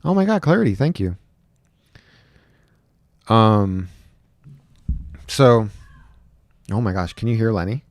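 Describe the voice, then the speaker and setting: Rambling lowish-voiced man on a livestream. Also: very animated, slow, pauses often, no echo. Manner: rambling, chatty, reads chat aloud. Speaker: livestream host, rideshare driver. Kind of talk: casual livestream chat. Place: indoor home room. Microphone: close desk microphone.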